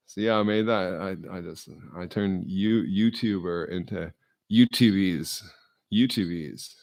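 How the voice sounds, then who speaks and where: A middle-aged vlogger speaks alone indoors to his audience in a deep, slightly slow voice with vocal fry. His monologue rambles and meanders, self-deprecating and full of filler words.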